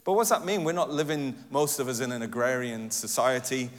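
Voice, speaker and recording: A man preaching a sermon, repeating scripture lines and stressing different words in turn in a gentle, reflective teaching tone. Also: medium pitch, fairly even intonation, brisk. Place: church hall. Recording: long church-hall reverb.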